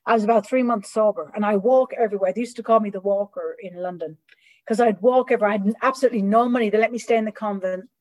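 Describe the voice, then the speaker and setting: A middle-aged woman giving a candid personal recovery talk, animated and acting out the voices of people she quotes. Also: medium pitch, quick pace, poor audio. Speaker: recovery speaker.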